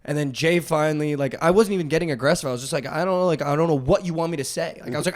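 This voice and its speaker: Rambling young man, a bit high-voiced. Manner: rambling, heavy use of "like", quick swings in loudness. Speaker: podcast host. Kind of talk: casual storytelling chat.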